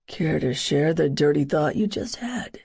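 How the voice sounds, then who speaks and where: A woman's voice: low voice, lively intonation, unhurried, gravelly, darkish tone, breathy edge, voice pushed down, exaggerated voice. A woman voicing a confident, protective young male soldier in an audiobook, with a dry, teasing way of talking.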